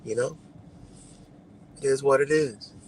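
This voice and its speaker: A man's voice: medium pitch, a little slow, a little mellow, slightly rough, low-quality recording. A man ranting on a live stream in a heated, profane way, repeating his points and tagging them with "you know". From United States. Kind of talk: casual rant on a live stream.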